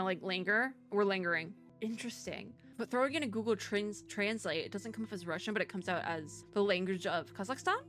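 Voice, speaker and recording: A woman's voice: mid-range voice, fairly bright tone. Chatty young woman rambling over gameplay. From US Midwest. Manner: chatty, rambling, heavy use of "like". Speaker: VTuber let's player. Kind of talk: casual gameplay commentary. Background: faint game music.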